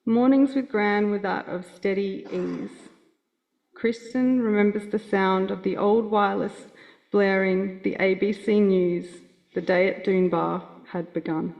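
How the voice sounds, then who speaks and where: A woman giving a gentle, affectionate eulogy for her grandmother at a funeral. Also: medium pitch, steady tone, a little slow, gravelly. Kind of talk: read eulogy. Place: funeral chapel. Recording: dull, muffled audio.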